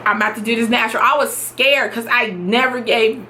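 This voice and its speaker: Young woman, high bright voice, animated casual vlog storytelling, faint hiss behind. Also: brisk. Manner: animated, laughs often, acts out her own shouts. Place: home.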